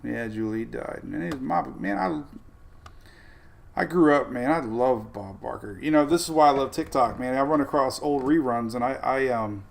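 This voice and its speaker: A man's voice: medium pitch, expressive, normal speed, creaky. A man hosting a live weather stream, chatting casually, reading viewer comments and rambling with frequent laughs. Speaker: weather livestream host. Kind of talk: casual livestream chat.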